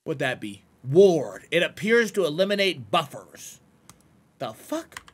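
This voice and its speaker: A man streaming a horror game live, excitable and profane, chatting with his viewers in slang and breaking into shouts. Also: a little high, a little slow, slightly rough. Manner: slangy banter with chat. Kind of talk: live horror gameplay commentary.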